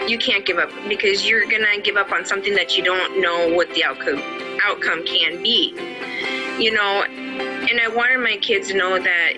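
Over background music, a middle-aged woman who won an award as an adult student talks earnestly about her life, leaning on "you know" often. The audio is poor, and her mid-range voice keeps a moderate pace.

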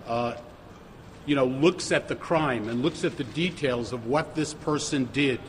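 A man's voice: mid-range voice, a little slow. Hesitant man in an echoing hall. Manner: hesitant, with fillers. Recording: reverberant, noisy hall.

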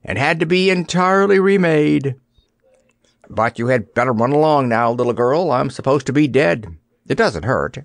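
A man's voice: on the high side, sing-song, unhurried, no echo, clean studio sound, pitched above the performer's own voice. A man voicing a complacent male stunt dummy who talks in a breezy, wheezing, self-satisfied way.

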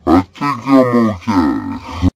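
Man doing a stoned young guy, low gravelly drawl, dragging each word, muffled. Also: a little mellow, no room sound, exaggerated voice. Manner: slow, drawn-out, giggly. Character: dazed very high young man on a couch.

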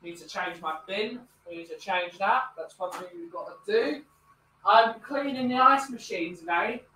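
A man's voice: high voice, moderate pace, pushed and bright, slight background noise, poor audio. A tired man, hosting a casual livestream and chatting as he reads out viewers' greetings. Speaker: livestream host.

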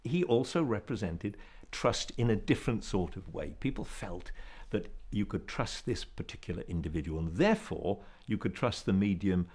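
A man speaking in a measured, deliberate way in an interview. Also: fairly low pitch, lively intonation, darkish tone, breathy edge.

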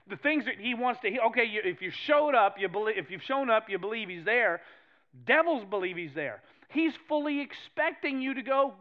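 A male pastor with a New England accent preaching a sermon, animated and emphatic, swinging between loud exclamations and hushed asides. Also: very high voice, narrow, tinny audio. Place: church sanctuary.

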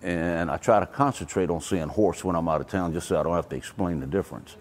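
A man with a Louisiana accent shaped by Italian vowels, explaining patiently. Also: low voice. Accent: Louisiana with Italian-influenced vowels. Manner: patient, deliberate. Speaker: interviewee. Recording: reverberant room.

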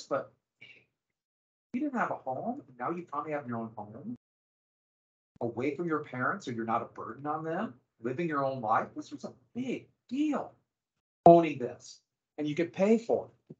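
A middle-aged man gives a classroom lecture in a loose, conversational way, tossing in dry sarcastic asides. His voice sits slightly high. The recording is a little dull and lo-fi, as if captured in the room. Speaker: high school history teacher.

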